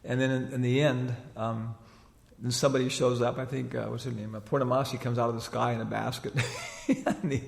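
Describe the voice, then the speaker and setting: This spiritual teacher's voice is gravelly and mid-range, with little pitch movement and a brisk pace, echoing through a reverberant hall. His informal religious lecture meanders through stories, peppered with "you know" and laughter while retelling.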